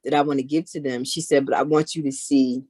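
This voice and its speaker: A middle-aged woman chatting casually as an interview guest, telling animated stories. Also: rumbling low, fairly quick, husky, no room sound. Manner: animated, acts out others in her stories. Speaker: guest, knitwear maker. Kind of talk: casual storytelling chat.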